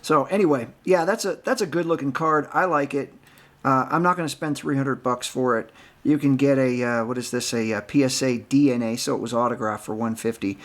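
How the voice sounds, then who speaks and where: A man's voice: medium pitch, a little fast, fairly bright tone. A man chatting casually about his baseball card collection, rambling and laughing often. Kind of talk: casual chat.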